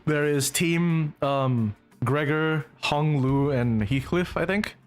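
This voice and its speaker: A man streaming, recapping a game story in casual chat, rambling and halting. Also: a little high, smooth, soft background music. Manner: rambling, halting, lots of fillers.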